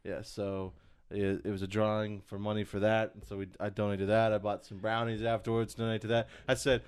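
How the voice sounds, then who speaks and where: A man co-hosting a podcast, telling a story with animated retellings of what others said. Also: lowish voice, a little fast, clear, resonant tone. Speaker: podcast co-host. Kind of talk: casual chat.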